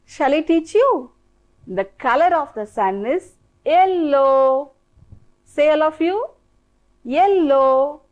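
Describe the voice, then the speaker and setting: Slow, lilting woman teacher with an Indian accent. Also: high voice, highs cut off. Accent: Indian English. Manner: slow, repetitive, coaxing drill-style prompting. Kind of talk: televised classroom English lesson.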